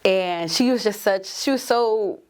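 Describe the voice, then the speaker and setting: A woman in her twenties, a journalist appearing as a podcast guest, tells her story candidly in a conversational interview. Her medium-pitched voice is clean and unhurried, and she's an animated storyteller who acts out what people said.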